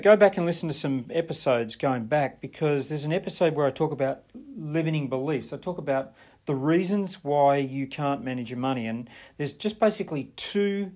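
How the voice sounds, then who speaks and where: A man's voice: on the high side, a little mellow. A man hosting a money podcast, telling a client story in a conversational way and often checking in with "right?". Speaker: podcast host and money coach.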